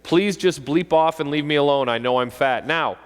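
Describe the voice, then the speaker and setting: A middle-aged man, a police officer, giving an animated talk to parents and acting out kids' voices. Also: a little high, moderate pace, smooth. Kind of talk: presentation to an audience. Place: school hall. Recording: long hall reverb.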